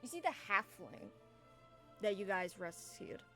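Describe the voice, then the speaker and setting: A woman running a tabletop role-playing game, narrating the scene in a loose, chatty way. She talks at a middle pitch with plenty of fillers, and faint music plays behind her. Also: very animated, measured pace, a bit bright. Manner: casual, rambling, with fillers and laughs. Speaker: game master.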